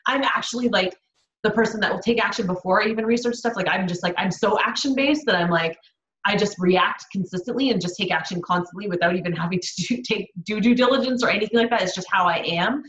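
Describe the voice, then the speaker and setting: A woman's voice: medium pitch, fast, fairly bright tone. A woman co-hosting a motivational podcast, talking earnestly and passionately to urge listeners to stop waiting and act. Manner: earnest, impassioned, urging listeners. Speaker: podcast co-host. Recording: echoey room, dull audio.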